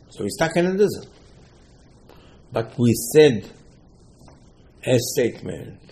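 Animated man teaching Torah. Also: medium pitch, creaky. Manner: animated, acts out dialogue in rhetorical questions; mixes Hebrew terms into English. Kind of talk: Torah lesson on the weekly portion.

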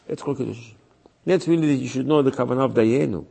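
A man's voice: medium pitch, animated, fast, gravelly, a little mellow, slightly rough. A man, a rabbi, giving a religious lecture in an emphatic way, repeating his points and acting out voices he quotes.

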